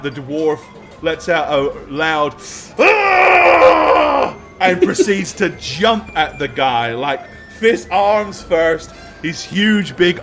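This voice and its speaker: A man narrating a tabletop game as dungeon master, telling the scene in a lively way with many filler words. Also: fairly high pitch.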